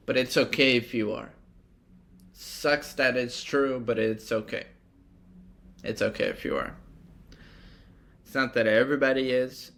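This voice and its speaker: A young man rambles through a solo podcast at an unhurried pace, swearing easily and drifting into reflective thoughts. His voice has a gravelly fry with a bright, forward edge. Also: mid-range voice. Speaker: podcast host. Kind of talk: casual solo monologue.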